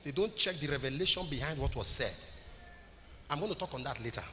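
A man's voice: medium pitch, animated, fast, bright, forceful tone. A man preaching a sermon as a pastor, urging the congregation to repeat his words after him. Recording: long hall reverb with faint ambient noise.

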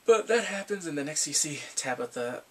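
A man's voice: on the high side, expressive, fairly quick, recorded from a distance. A man casually recapping and reviewing a TV episode, laughing often and acting out characters' lines.

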